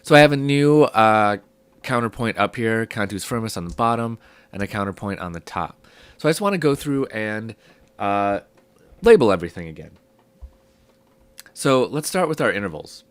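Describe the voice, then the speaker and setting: A man teaching music theory in a relaxed, step-by-step way, his voice low and rough from a cold, with many ums. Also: normal speed, pauses often, no room sound. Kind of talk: casual spoken lesson.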